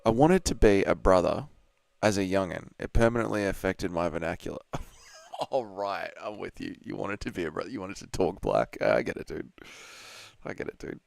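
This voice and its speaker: Tired, chatty Australian man, low and gravelly. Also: sing-song, normal speed, no room sound. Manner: loose and swearing, chatting with viewers and laughing often. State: tired from an early wake-up. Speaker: streamer hosting a live fight watch-along. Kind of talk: casual live-stream chat.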